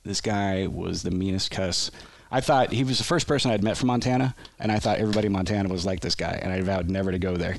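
A man's voice: fairly low pitch, brisk, no room sound. A man telling a long army story on a podcast, with casual restarts and frequent laughs. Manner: rambling, self-interrupting storyteller who laughs often. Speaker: podcast guest, army veteran.

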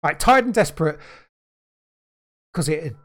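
A man's voice: a little high, expressive, measured pace, fairly bright tone. A man, co-hosting a casual podcast, reading history notes aloud with joking, sweary asides. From London. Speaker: podcast co-host.

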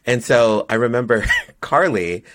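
A young man hosting a casual podcast chat, animated and acting out quoted lines in a higher voice. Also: measured pace. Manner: animated storyteller, acts out quotes in high voices. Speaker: podcast host, drag performer.

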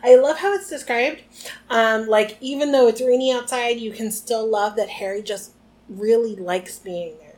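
A woman co-hosting a podcast in casual chat, chatty and animated, sometimes reading passages aloud. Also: a little high, normal speed. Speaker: podcast co-host.

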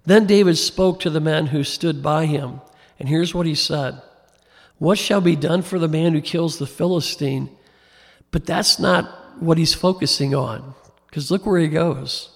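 A man's voice: fairly high pitch, vocal fry. A man preaching a verse-by-verse sermon, conversational at first and growing emphatic, in a church sanctuary. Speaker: pastor. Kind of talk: expository sermon. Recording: long hall reverb.

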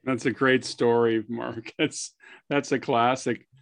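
A male podcast host puts relaxed questions to his guest, pausing now and then. His voice sits at an ordinary middle pitch. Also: creaky. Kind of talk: interview.

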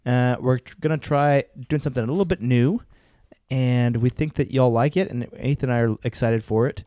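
A man's voice: medium pitch, a little fast, mellow, dry recording, clean studio sound. A man co-hosting a podcast, talking in a casual, earnest way with many fillers and restarts. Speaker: podcast co-host. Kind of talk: casual chat.

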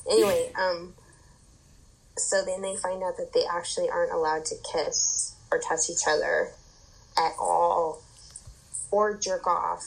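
A woman with a fairly low voice hosts a podcast in casual chat. She rambles through her story and fills it with "like" and "um". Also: fairly even intonation, a little slow, creaky, pauses often, husky, rough recording. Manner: rambling, filler-heavy storytelling.

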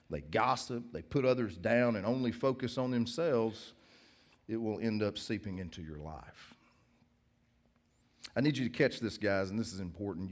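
A male pastor preaching a sermon in church, in a conversational, joking storytelling manner. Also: on the low side.

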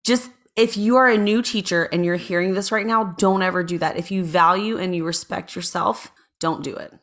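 A woman's voice: lowish voice, fairly even intonation, moderate pace, a bit bright. A woman co-hosting a podcast, joking around and chatting casually. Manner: joking, goofy, asks lots of questions. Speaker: podcast co-host. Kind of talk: casual chat.

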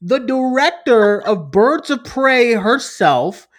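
A man's voice: very high voice, animated, takes it slowly. A man co-hosting a podcast in casual chat, rambling and repeating himself as he gets worked up. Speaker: podcast co-host.

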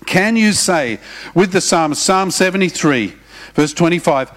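A middle-aged man preaching, his voice pitched high for a man. He talks to the congregation in a relaxed, conversational way and slips in humorous asides. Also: moderate pace. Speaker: pastor. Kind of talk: sermon.

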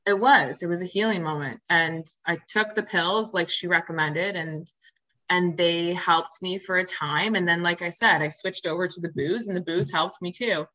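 A woman's voice: fairly low pitch, moderate pace, sharp tone, poor audio. A woman who is a podcast guest, telling her personal story openly and earnestly, with many fillers and restarts. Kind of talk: candid personal storytelling in interview.

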